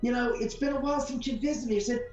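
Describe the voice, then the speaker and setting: A man telling ghost stories in a casual interview, rambling and animated, often repeating words and swearing mildly. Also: very high voice, very fast. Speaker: homeowner guest. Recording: echoey room from far off, faint music.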